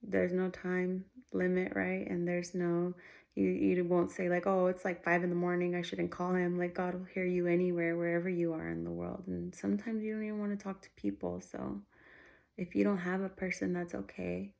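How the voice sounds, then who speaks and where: A woman speaks to her viewers in a heartfelt, faith-based vlog. Her voice sits fairly low and has a gravelly, creaky fry. She talks earnestly and loosely, restarting her sentences and sometimes dropping almost to a whisper. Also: level tone, moderate pace, a little mellow. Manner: earnest, rambling, with frequent restarts. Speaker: vlogger.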